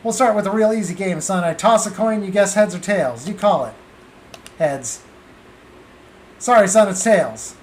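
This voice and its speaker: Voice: mid-range voice, moderate pace, long pauses, slight background noise, lightly acted. A streamer voicing a crooked adult male gambler who puts on a folksy drawl, reading game dialogue aloud. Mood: smug. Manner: drawling, folksy, calls everyone son.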